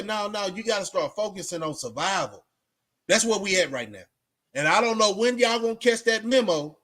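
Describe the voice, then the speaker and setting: A man's voice: sits high, lively intonation, normal speed, fairly bright tone. A man hosting a livestream, talking to viewers in a casual, rambling monologue full of streetwise slang and restarts. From Texas. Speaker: livestream host.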